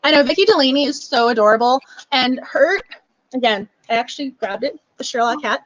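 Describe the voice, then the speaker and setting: A woman's voice: sits high, animated, fairly quick, no echo, muffled recording. A young woman hosting a book club live stream, chatting casually and gushing, with many laughs and fillers.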